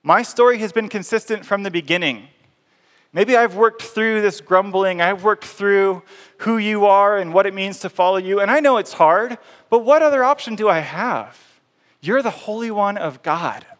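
A man's voice: high voice, moderate pace, fairly bright tone, pitched above the performer's own voice. A preacher voicing a weary, grumbling fisherman. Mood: earnest. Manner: blunt, exasperated, then earnest. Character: tired, grumbling adult male fisherman. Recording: reverberant hall.

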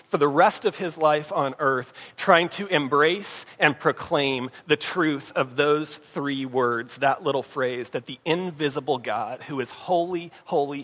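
A male pastor delivers a conversational sermon, his slightly high voice carrying a long hall reverb. He often sinks to a hushed tone and checks in with his listeners.

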